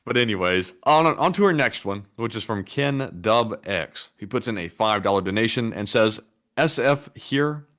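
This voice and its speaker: A man with a lowish voice, co-hosting a casual livestream. He reads donations in an easygoing way and slips in dry jokes. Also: expressive, normal speed, a bit bright. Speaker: co-host and chat moderator.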